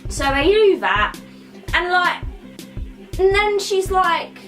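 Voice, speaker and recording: Irreverent, high-voiced woman. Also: big pitch swings, slow pace, fairly bright tone, faint music behind. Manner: irreverent, rambling, crude. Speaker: comedic film reviewer. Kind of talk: crude comic film recap.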